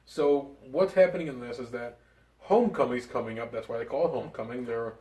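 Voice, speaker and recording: A man co-hosting a casual movie review, talking excitedly and rambling with fillers. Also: medium pitch, a little fast, far from the mic. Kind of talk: casual chat. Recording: roomy, from off the mic.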